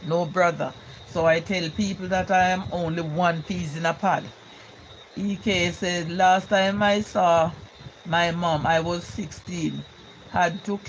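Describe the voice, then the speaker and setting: An older woman with a Jamaican accent chats on a live stream, reading out viewer comments and speaking in a heartfelt, repetitive way. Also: fairly low pitch. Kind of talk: casual live-stream chat. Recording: noticeable background noise.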